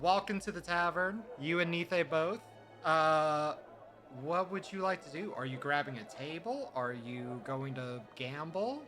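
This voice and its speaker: A man's voice: a little high, a little slow, pushed and bright, faint music behind. Chatty game master man. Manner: chatty, laughing easily, many fillers. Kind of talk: narrating a tabletop game.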